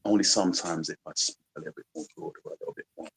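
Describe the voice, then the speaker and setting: His voice sits low and steady, moving very fast, captured on a slightly rough, low-quality recording. The speaker is a musician from London, England, whose accent has a hint of American twang, and he chats reflectively in a casual radio interview, rambling and leaning on "you know" and "like."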